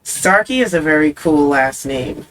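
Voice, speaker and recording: A young woman in casual podcast chat, with a bright, forward tone. She tells stories in a chatty way and giggles often. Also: sits low, animated, a little slow, a little hiss or hum. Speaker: podcast co-host, singer.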